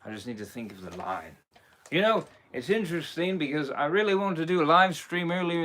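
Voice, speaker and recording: A man's voice: on the high side, sing-song, fairly quick, fairly bright tone, a little hiss or hum. A man impersonating a swaggering, rum-loving male pirate captain, chatting on a live stream in playful mock pirate talk. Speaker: character impersonator. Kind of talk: live stream chat in character.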